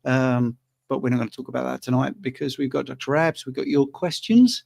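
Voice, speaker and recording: A man's voice: medium pitch, steady tone, a little fast, vocal fry, a little mellow. A man hosting a live Q&A, chatty and teasing his guest. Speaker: host. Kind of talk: live Q&A chat.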